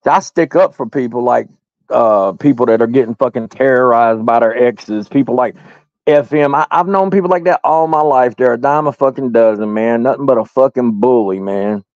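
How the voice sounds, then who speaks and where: A man with a fairly high, slightly mellow voice delivers a heated, rambling rant straight to his viewers, swearing constantly. The audio is dull and lo-fi but free of echo.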